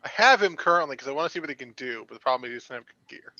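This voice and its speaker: A man playing a tabletop game, giggly and excitable in casual banter. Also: mid-range voice, racing, dry recording. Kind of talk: casual banter between players. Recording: dry, dull lo-fi mic.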